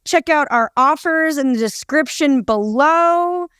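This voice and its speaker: High-voiced playful woman podcast host. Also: animated, a bit bright, no echo, clean studio sound. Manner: playful, repeats herself, quick bursts of speech. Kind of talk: casual conversational podcast chat.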